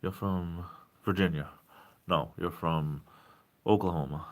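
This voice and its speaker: Chatty forties man, southeastern New England accent, low voice, casual live stream host. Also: unhurried. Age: 40s. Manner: rambling, reads viewer chat aloud and answers it; speeds up when excited.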